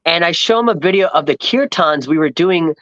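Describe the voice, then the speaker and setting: A man tells a long story in a loose, rambling way. He acts out every voice he met and sounds thrilled by each coincidence. His voice sits a bit high and comes through a dry, slightly muffled recording. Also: lively intonation, fairly quick, fairly bright tone, no room sound. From New York, Long Island. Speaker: guest. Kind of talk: casual storytelling chat.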